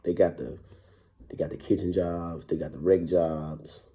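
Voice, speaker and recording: Profane streetwise man, very dark voice. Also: sits low, fairly even intonation, unhurried. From Wisconsin. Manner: profane, streetwise, keeps saying "you know what I'm saying". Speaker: former prisoner. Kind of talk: casual storytelling.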